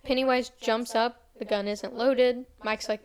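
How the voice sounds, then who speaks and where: With a slightly high voice and a steady tone, a young woman races through a casual recap of a horror film for a friend, slipping into a light voice to quote the characters along the way.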